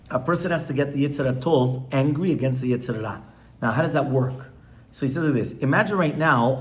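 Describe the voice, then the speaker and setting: A rabbi leads an informal class before a live audience, speaking conversationally and frequently pausing to pose questions to his listeners. His voice is medium in pitch.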